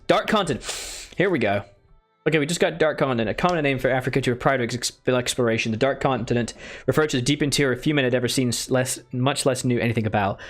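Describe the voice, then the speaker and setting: Man, let's player, mumbles his moves aloud, self-deprecating, faint music under the voice. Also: mid-range voice. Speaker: strategy game let's player. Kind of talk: casual gameplay commentary.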